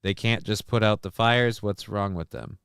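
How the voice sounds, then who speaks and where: A man's voice: fairly low pitch, steady tone, normal speed, creaky, fairly bright tone, clean tone, no echo. A man hosting a podcast, ranting angrily and sarcastically with profanity about politics from a home studio. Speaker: podcast host. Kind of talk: heated political rant.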